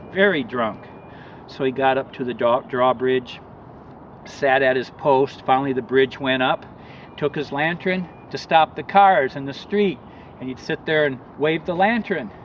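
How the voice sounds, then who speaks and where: A man giving an earnest motivational talk about recovery, telling a parable and acting out the shouts in it. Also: a little high, recorded from a distance, lo-fi sound, slight background noise. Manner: earnest, acts out shouts in his story. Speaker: recovery counselor.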